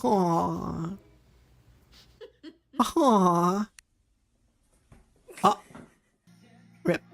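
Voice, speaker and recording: A young woman with a Scottish accent chats as she reacts to clips on stream. Her voice sits on the lower side and her speech is drawn out and unhurried, full of loose swearing and little giggles. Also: very animated, creaky, faint music behind. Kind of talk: casual reaction chat.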